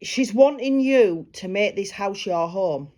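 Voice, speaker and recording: A woman giving a private psychic reading, steady and mid-pitched. She talks gently and reassuringly, passing on what she says the spirits tell her. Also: takes it slowly. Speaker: psychic medium.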